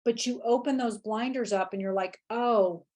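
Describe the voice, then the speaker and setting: A woman's voice: fairly high pitch, moderate pace. Woman in her forties telling a candid story. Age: 40s. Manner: animated storytelling, acts out her own inner voice. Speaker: guest. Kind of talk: candid podcast conversation.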